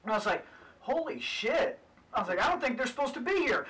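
Animated profane man telling a gaming story. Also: very high-pitched, quick pace. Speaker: podcast panelist. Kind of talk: casual chat, storytelling. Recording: distant mic with faint noise.

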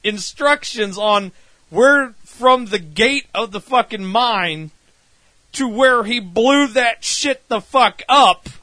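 Podcast co-host, man, high bright voice, crude and animated. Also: slow pace, dry recording, rough recording. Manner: profane, acts out scenes with shouted quotes. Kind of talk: casual movie recap banter.

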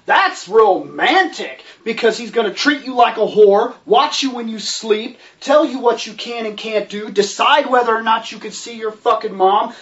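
A reviewer ranting about a film and book in an exasperated, sarcastic way, swearing heavily. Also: mid-range voice. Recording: distant, dull lo-fi recording.

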